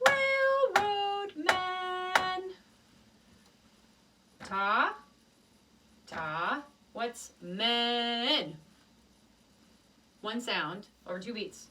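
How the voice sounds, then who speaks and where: A woman music teacher leads young students through rhythms, explaining each step with patience and chanting the syllables. Her voice is bright and slightly high, and she takes her time. She sits some distance from the microphone, with faint noise in the background. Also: sing-song, very slow, pauses often. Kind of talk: elementary music lesson.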